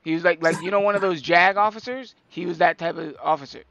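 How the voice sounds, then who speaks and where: A man's voice: sits high, fast talker, sharp tone, no echo, highs cut off. A man co-hosting a casual podcast chat, teasing and laughing often. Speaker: podcast co-host.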